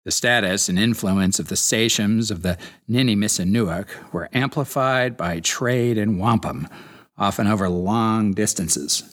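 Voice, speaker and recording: A man's voice: on the low side, a little slow. A man hosting a solo history podcast, reading from notes with dry asides to regular listeners. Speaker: podcast host.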